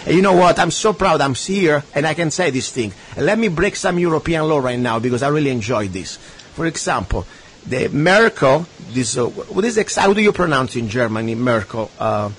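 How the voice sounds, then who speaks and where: A man's voice: fairly high pitch, animated, brisk, a bit bright, breathy edge. A man from Italy with an Italian accent, hosting a talk radio show in a sarcastic, ranting, emphatic way. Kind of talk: talk radio chat with a guest.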